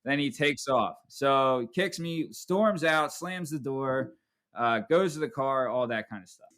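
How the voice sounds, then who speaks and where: A man's voice: mid-range voice, lively intonation, measured pace, a bit bright. Swearing man telling a story. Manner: profane, tags lines with "right?". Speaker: podcast host. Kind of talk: casual podcast storytelling.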